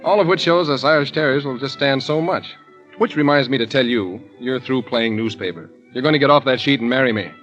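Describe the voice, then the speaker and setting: A man's voice: medium pitch, fairly bright tone, natural voice. An actor playing a brash, cocky male newspaper reporter in a 1940s radio drama, full of wisecracks. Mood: joshing. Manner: wisecracking, cocky, rapid patter. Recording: dull old radio broadcast with music.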